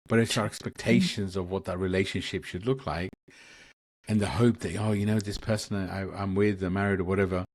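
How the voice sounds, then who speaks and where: A man's voice: low voice, darkish tone, breathy edge, dry recording. A man, a spiritual guest on a video call, talking earnestly with many restarts. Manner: earnest, rambling with frequent restarts. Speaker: guest, Akashic Records channel. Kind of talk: casual spiritual conversation.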